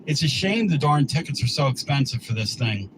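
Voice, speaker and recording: Man hosting sports talk radio, emphatic and blunt, mid-pitched, faint noise behind. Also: animated, fairly quick.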